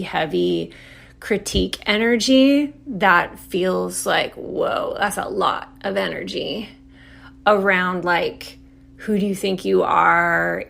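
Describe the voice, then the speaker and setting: A woman's voice: medium pitch, gravelly, fairly bright tone. A woman hosting an astrology podcast, talking in a rambling, playful way with lots of "like" fillers. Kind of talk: casual solo talk.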